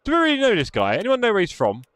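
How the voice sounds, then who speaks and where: A man's voice: sits high, wildly swooping pitch, very fast, fairly bright tone, no room sound. A man chatting casually while sim racing on a live stream, reading out chat. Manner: chatty, reads chat aloud while driving. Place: home sim racing rig.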